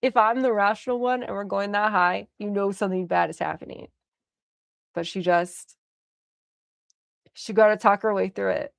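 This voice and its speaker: A young woman streamer casually telling a story, animated, often laughing and swearing freely. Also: mid-range voice, normal speed, gravelly, long pauses, dry recording, studio quality.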